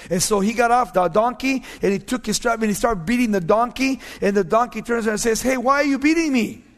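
A man preaching a sermon as a pastor, telling stories animatedly and often dropping to hushed tones. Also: high voice, fast talker, big-room sound.

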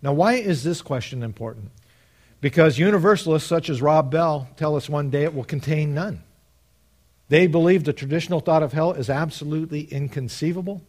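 A man delivering a sermon in a somewhat high voice. He reasons through scripture step by step. His delivery swings between hushed asides and loud, emphatic declarations. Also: brisk. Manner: argues step by step, quotes scripture. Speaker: preacher.

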